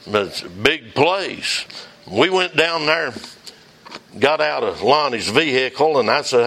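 A man's voice: mid-range voice, expressive, unhurried, gravelly, pushed and bright. A man, a revival preacher telling a folksy story from the pulpit and calling on listeners by name.

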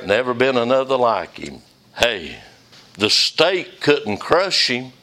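A man's voice: medium pitch, big pitch swings, slow pace, sharp tone. An older man preaching a fervent, folksy sermon in a church, calling out members of the congregation by name.

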